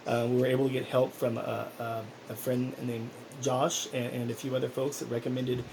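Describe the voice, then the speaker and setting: A man's voice: mid-range voice, creaky, a little mellow, slight background noise, rough recording. A man talking casually in a personal vlog, rambling and earnest, with many restarts. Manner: earnest, encouraging. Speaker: vlogger.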